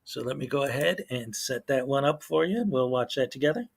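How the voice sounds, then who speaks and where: A man's voice: mid-range voice, expressive, brisk, creaky, husky. A man hosting his channel in casual livestream chat, rambling with frequent ums and restarts. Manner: rambling, many fillers and restarts. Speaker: YouTube channel host.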